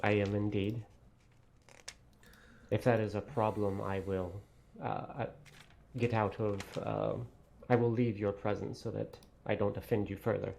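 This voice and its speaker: Man doing a cool, wary fey tracker, lowish gravelly voice. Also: little pitch movement, measured pace, pauses often, darkish tone, slight background noise.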